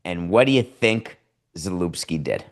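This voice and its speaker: A man's voice: sits low, expressive, unhurried. A man hosting a sports talk show from his home studio, sarcastic and mocking as he riffs on team owners. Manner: sardonic, mocking impressions of owners. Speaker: podcast host.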